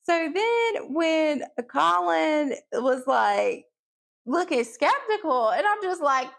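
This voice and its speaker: A woman chatting casually through a TV episode review, animated, with big jumps in pitch when she quotes characters. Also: takes it slowly, creaky. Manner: talks straight to her pets between points.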